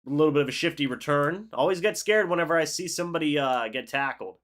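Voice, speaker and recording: A young man hosting a live football reaction stream, calling the plays and chatting with viewers in an excitable, talkative way. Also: fairly high pitch, fast. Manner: excitable, chatty, reads chat aloud and calls plays. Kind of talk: live game reaction with play-by-play and chat replies.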